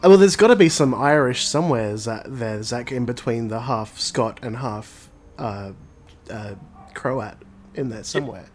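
A man leads the chat with dry, deadpan follow-up questions. His pitch is middling. Faint music sits in the background. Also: measured pace. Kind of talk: casual chat.

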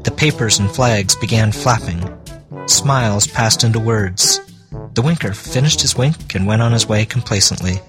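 A man reading a classic story aloud as an audiobook narrator, in a measured storytelling manner. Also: lowish voice. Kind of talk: scripted narration.

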